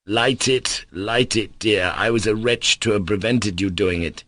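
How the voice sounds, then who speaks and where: Guy reading a sweet dying young man, soft caressing words, low dry voice. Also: unhurried, no echo. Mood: tender, joyful. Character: dying young man, gentle, tender and joyous.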